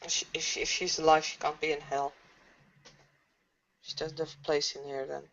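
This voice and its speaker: A woman's voice: sits low, level tone, normal speed, a bit bright. A woman voicing a frightened young female vampire who pleads and denies in a panicky way, on a dull lo-fi recording. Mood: uneasy.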